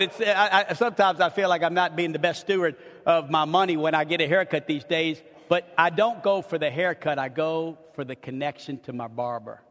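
Middle-aged pastor telling a story in a reverberant church. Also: male voice, fairly high pitch, a little fast, few pauses. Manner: animated storyteller, frequent restarts and repeated words. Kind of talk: storytelling sermon. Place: church sanctuary.

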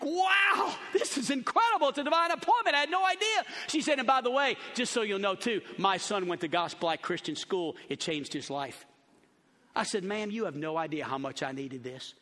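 A man preaching a sermon to his church, telling stories and acting out the voices of the people in them, shouting at the high points. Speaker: pastor. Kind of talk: sermon storytelling. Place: large church auditorium. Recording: long hall reverb.

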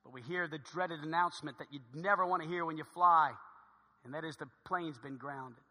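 Brief: male preacher, high and very bright, animated storytelling sermon, long hall reverb. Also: fairly quick. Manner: animated storyteller, acting out dialogue, dropping to a hushed voice for quoted lines. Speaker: pastor.

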